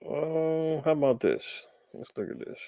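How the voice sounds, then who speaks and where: A man with a higher, creaky voice speaks at a measured pace, with no echo. He hosts a podcast commenting on the news, reading articles aloud before riffing on them animatedly and posing rhetorical questions.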